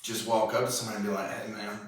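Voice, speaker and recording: A man's voice: on the low side, fairly even intonation, rapid-fire, far from the mic. A man hosting a casual comedic chat, laughing often and acting out voices. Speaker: podcast host. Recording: echoey room, off-mic, faint noise.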